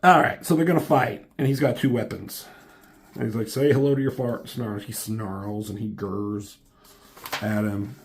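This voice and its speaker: A man's voice: on the low side, steady tone, measured pace, a little hiss or hum. A man giving a casual comic book review, rambling and joking with lots of swearing.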